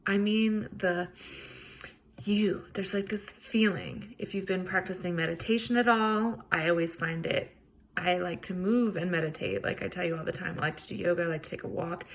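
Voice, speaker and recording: A woman's voice: fairly low pitch, steady tone, normal speed. A woman hosting a podcast, talking casually and earnestly on her own, encouraging and a bit rambling. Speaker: podcast host. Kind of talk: casual solo self-help talk.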